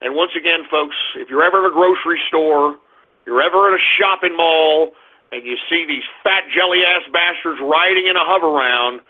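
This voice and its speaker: On an internet radio show, a man delivers a market rundown in a brash, crude, mocking rant. His voice runs a little high at a moderate pace, and the audio is lo-fi, almost like a phone line.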